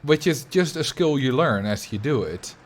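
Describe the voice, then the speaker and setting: A man's voice: mid-range voice, expressive, normal speed. A man with a light Dutch accent, chatting casually and animatedly to viewers on a livestream. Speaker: streamer.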